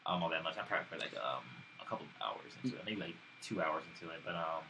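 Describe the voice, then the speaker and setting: A man's voice: low-pitched, racing, pushed and bright. A man co-hosting a podcast, chatting casually about video games and rambling with lots of ums. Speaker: podcast co-host. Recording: noisy live room.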